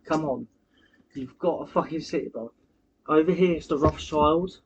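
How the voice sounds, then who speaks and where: A man's voice: on the high side, a little slow, muffled recording, slight background noise. A young man, insisting on his theories in casual podcast chat, swearing along the way. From United Kingdom. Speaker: podcast co-host.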